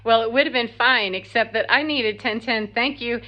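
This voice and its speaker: A woman's voice: a little high, normal speed, lo-fi sound. A woman casually telling a long, rambling personal story, laughing often and quoting herself and others. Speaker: spiritual vlogger.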